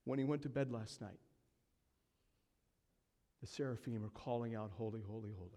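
A man preaching a sermon with emphatic delivery, dropping to hushed tones and building to loud peaks. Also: medium pitch, steady tone, normal speed, big-room sound.

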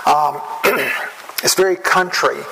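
Slow-spoken Southern American preacher. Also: male voice, on the high side, creaky, background noise. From southern United States. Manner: measured, slow and earnest, with drawn-out words. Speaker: pastor. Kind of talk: sermon. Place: church.

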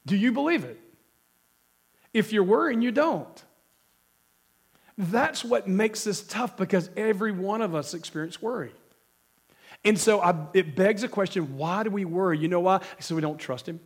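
A male pastor delivers an emphatic sermon while nursing a cold. His voice sits high for a man, and he keeps turning to the congregation with questions. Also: lively intonation, normal speed, pauses often, husky. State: has a cold.

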